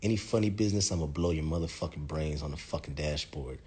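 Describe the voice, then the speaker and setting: A man playing a vengeful grown man who talks in a low, quiet, threatening way. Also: quick pace, slightly rough.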